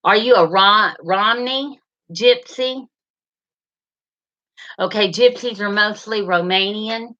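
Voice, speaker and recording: Her voice is mid-range, slow, and sharp, with frequent pauses, as this middle-aged woman chats through a livestream. She rambles, reads comments, and addresses viewers by name, all in slightly dull lo-fi sound.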